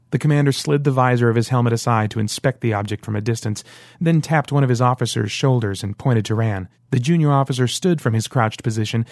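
A man's voice: mid-range voice, a little mellow, no room sound, clean studio sound. Man narrating an audiobook. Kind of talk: scripted narration.

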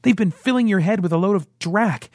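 A man's voice: high voice, brisk, a little mellow, dry recording, studio quality, pitched above the performer's own voice. A man voicing an urgent young woman. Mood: bitter, pleading. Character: young woman friend, anxious then pleading.

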